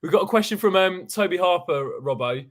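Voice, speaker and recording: A man hosts a football fan show with eager enthusiasm, leaning on quick agreement and praise for his guest. His voice sits slightly high. He talks casually over a video call. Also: expressive. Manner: enthusiastic, repeats "love it" and "hundred percent". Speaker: podcast host. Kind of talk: casual fan-channel chat.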